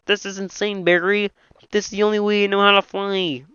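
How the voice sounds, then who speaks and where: A high, reedy frog voice, voices every character in a film script without changing the voice. The tone is bright and crisp. It sits close and dry on a dull lo-fi mic. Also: male voice, little pitch movement, brisk, no room sound. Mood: frantic. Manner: voices all the film's characters in one frog voice. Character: [man doing] Kermit the Frog, nasal puppet frog. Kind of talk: comedic impression reading a film script.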